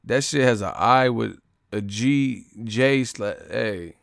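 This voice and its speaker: A man hosting a boxing live stream, ranting casually and loudly, swearing, mocking and laughing often as he reads the chat. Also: medium pitch, slow, creaky, no room sound, clean studio sound.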